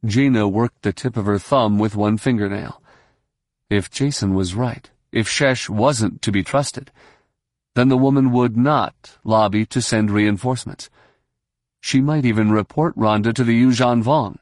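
A man reading a novel aloud in steady scripted narration. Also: on the low side, measured pace, no echo, clean studio sound. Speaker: audiobook narrator.

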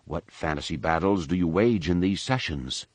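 A man voicing a young Jedi older brother who lectures quietly and sarcastically. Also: low voice, lively intonation, moderate pace, dry recording. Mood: lecturing.

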